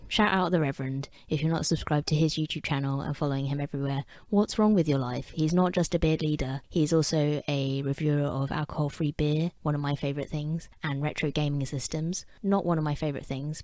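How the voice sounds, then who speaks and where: An English woman with a low voice runs her own podcast. She talks alone in a relaxed monologue and slips in dry jokes at her own expense. The sound is close and dead dry. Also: no room sound. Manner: wry, self-mocking asides. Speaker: podcast host.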